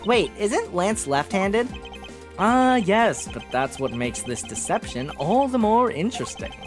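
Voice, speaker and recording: A woman streamer reading game dialogue aloud in an expressive way, with joking asides. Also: medium pitch, unhurried. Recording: game music playing behind.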